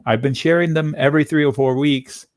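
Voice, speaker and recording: A man's voice: on the high side, steady tone, brisk, no echo, clean studio sound. A man hosting a live options trading webinar, chatting casually and thinking aloud as he goes through charts. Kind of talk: live market commentary.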